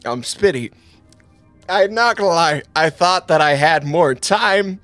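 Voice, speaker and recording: A man's voice: on the high side, animated, measured pace, fairly bright tone, dry recording, faint music behind. A man hosting a let's play, commenting on a horror game from home, joking and jumpy, yelping and laughing at the scares.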